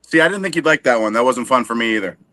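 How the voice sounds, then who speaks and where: A man's voice: medium pitch, expressive, very fast, pushed and bright, no room sound. A man co-hosting a casual sports podcast, cracking dry self-deprecating jokes. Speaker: co-host.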